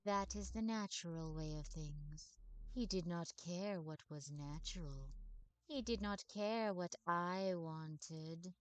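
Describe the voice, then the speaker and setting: A woman's voice: lowish voice, smooth, dry recording. Woman voicing a solemn vampire ghost lady. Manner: slow, solemn and formal. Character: sorrowful formal female vampire ghost.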